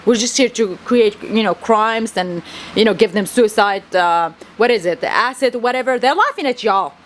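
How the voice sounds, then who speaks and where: A woman whose native tongue is Kurdish vents to camera from a device held close. She rambles, swears and repeats herself in an agitated monologue. Her voice sits a little higher than most. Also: animated, moderate pace.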